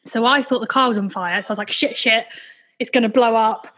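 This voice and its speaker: A woman's voice: a little high, brisk, a bit bright. A young woman on a podcast, chatting casually and telling a dramatic story with lots of fillers. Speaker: podcast guest.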